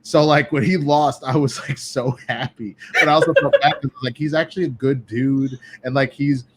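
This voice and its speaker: A man in casual podcast chat, telling animated, profane stories and acting out what others said. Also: mid-range voice, normal speed, heavy background noise. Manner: profane, animated storytelling with quoted voices. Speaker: guest.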